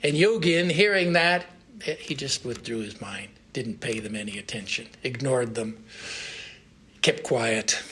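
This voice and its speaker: A monk giving a Sunday spiritual lecture at a monastery, recounting a story in an unhurried way and pausing to search for words. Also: male voice, medium pitch, a bit bright.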